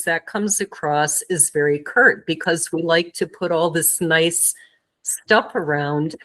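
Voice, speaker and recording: Thoughtful woman podcast host, lowish voice. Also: fairly bright tone, poor audio. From Germany. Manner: thoughtful, asks questions at length. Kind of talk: conversational podcast interview.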